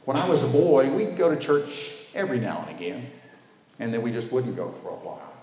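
A man preaching a sermon in a church while the congregation answers him, leaning hard on key words and drawing them out slowly. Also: mid-range voice, dark tone. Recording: echoey hall with faint background noise.

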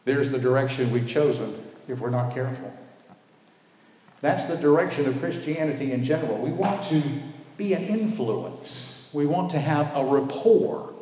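A man's voice: medium pitch, dark tone. Man preaching in an echoey church hall. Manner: emphatic, drawing out key words slowly. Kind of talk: sermon. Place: church with a responding congregation. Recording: echoey hall with faint background noise.

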